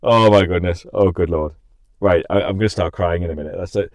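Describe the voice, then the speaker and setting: Brisk and low-pitched, with a slightly mellow tone and no echo, a young man runs a laid-back live-stream podcast. He's giggly and scattered, frequently laughing and interrupting himself while responding to viewers.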